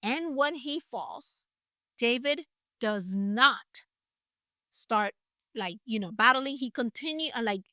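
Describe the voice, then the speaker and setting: A woman retells a Bible story in an easy, conversational way, stopping for playful asides. Her voice is bright and forward and sits a little high, and the sound is close and dry. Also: expressive, slow, long pauses, no room sound.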